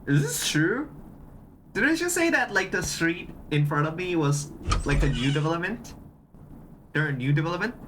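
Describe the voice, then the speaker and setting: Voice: medium pitch, a bit bright, slight background noise. A streamer chatting casually on a livestream, greeting chat and repeating phrases with lots of restarts.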